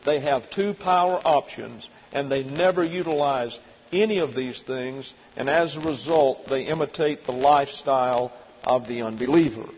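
A man's voice: medium pitch, moderate pace. Methodical male Bible teacher, reverberant hall. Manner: methodical, spells out Greek words letter by letter. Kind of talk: verse-by-verse Bible lesson. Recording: dull lo-fi recording in a reverberant hall with faint noise.

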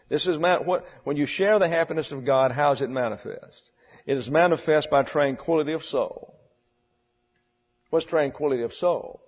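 A man's voice: fairly high pitch, normal speed, breathy edge. A man preaching a sermon to his church in a blunt, wry way, asking his listeners questions. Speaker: pastor. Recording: dull echoey church recording.

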